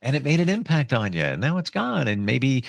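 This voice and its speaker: A man hosts a podcast interview, thinking out loud before he puts a question to his guest. His pitch moves a lot while he talks. The recording is dry, with no room sound. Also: wildly swooping pitch, brisk, creaky, no room sound. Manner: reflective, asks questions, frequent affirming murmurs. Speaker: podcast host.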